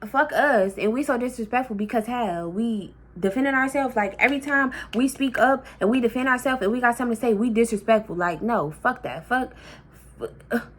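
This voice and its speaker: A woman with a high voice tells a family story in a casual storytime vlog. She talks in an animated and heated way, swears freely, and addresses her viewers directly. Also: fairly quick. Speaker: vlogger.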